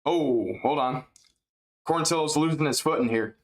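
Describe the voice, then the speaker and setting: A man giving casual, rambling live play-by-play commentary on a fight, chatty and jumping up in excitement at big strikes. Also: a little high, moderate pace. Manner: drowsy and yawning at times.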